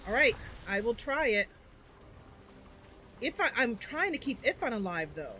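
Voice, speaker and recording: A woman commentating her own game stream in a slow, unhurried way, her voice bright and forceful. She thinks through each move aloud and bursts into loud cries when things go wrong. Faint game music plays behind her. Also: on the high side, big pitch swings.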